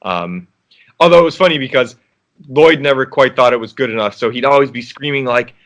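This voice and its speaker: A man's voice: mid-range voice, fairly quick, fairly bright tone. A man, an actor guest, chatting casually in an interview, rambling with restarts and frequent laughs.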